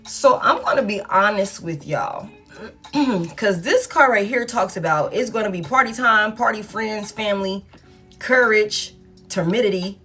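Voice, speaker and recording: A woman's voice: medium pitch, a bit bright, husky. A woman doing a casual tarot reading to camera, chatty and swearing freely as she talks straight to her viewers. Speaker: tarot reader. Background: faint background music.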